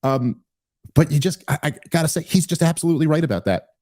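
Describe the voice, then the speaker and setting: A man hosting a podcast, giving casual political commentary in an animated, emphatic way with frequent restarts and fillers. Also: on the high side, fast talker, no echo, clean studio sound. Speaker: podcast host.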